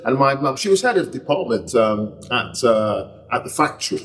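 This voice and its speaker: A man's voice: mid-range voice, big pitch swings, normal speed, a bit bright, big-room sound, distant mic. A man with a northern English Lancashire accent, chatting as an interview guest, talking freely and often restarting his sentences. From Bolton, England. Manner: chatty, many restarts and self-corrections. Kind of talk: relaxed reflective conversation.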